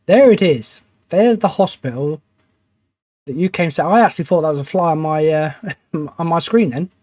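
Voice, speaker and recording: A man's voice: fairly high pitch, normal speed, dark tone, no room sound. Grumbling man doing game commentary. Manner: chatty, grumbling, swears when frustrated. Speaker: gaming channel host. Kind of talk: let's play commentary.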